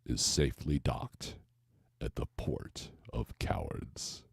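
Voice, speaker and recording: A man putting on a grave, deep-voiced movie-trailer narrator, speaking slowly and solemnly with a breathy edge. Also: animated, no echo, clean studio sound, full character voice.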